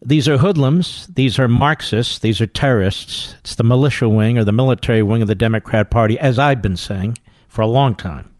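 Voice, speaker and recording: A man's voice: mid-range voice, normal speed, a little mellow, dry recording, clean studio sound. Combative talk radio host man. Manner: combative, scornful, emphatic.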